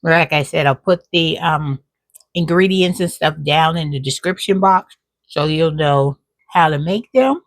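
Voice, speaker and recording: Drawing out her words, this woman calls her viewers "y'all" and "child" as she talks casually at home about cooking and gardening. She has a deep voice and a measured pace, and the studio recording is clean with no room sound.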